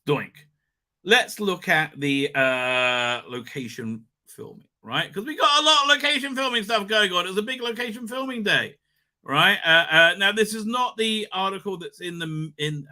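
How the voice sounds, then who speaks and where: Guy rambling on a livestream, swears a lot, voice jumps all over, really bright and sharp. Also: on the high side. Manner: rambling, animated, laughs often, swears. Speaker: livestream host. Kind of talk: casual live-stream chat.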